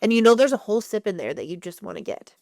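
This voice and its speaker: A woman co-hosting a podcast in casual chat, telling animated stories full of acted-out quotes and frequent laughter. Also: mid-range voice, rapid-fire, gravelly, dry recording, studio quality. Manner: animated storyteller who acts out quotes and laughs often. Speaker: podcast co-host.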